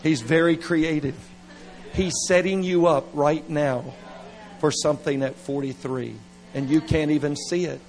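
A middle-aged man preaching at a revival service, animated and playful, with laughing asides. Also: fairly high pitch, moderate pace, rough recording. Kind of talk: revival sermon.

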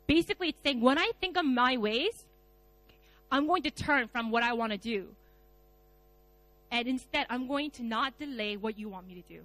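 A woman pastor preaching a conversational sermon, animated, with many fillers and laughs. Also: fairly high pitch, normal speed, long pauses, no room sound, faint music behind. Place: church service.

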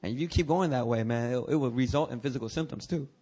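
A man's voice: mid-range voice, fast, mellow, slightly rough. A male pastor preaching a sermon, talking candidly with his congregation and breaking into dramatic, rising cries. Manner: conversational, candid asides to the congregation.

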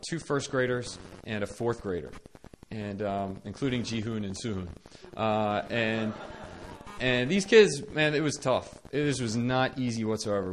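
A young adult man telling a personal story to viewers in a casual, animated way, stumbling over restarts and acting out what he said. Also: mid-range voice, a little hiss or hum, rough recording. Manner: animated, acts out his own quoted lines loudly, frequent restarts and laughs. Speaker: storyteller recalling caring for children.

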